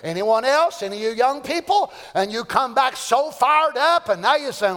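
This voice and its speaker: A man's voice: extremely high pitch, animated, normal speed, a bit bright. A man preaching a fervent, folksy sermon in a church. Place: church sanctuary. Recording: echoey church hall.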